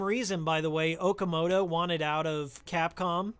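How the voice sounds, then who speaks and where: A man's voice: fairly high pitch, steady tone, moderate pace, hardly any pauses, fairly bright tone, clean tone. Chatty streamer man with a rambling manner. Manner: rambling, chatty, drifts into game-history tangents. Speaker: game streamer. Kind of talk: casual live-stream chat while playing. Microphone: studio microphone with pop filter.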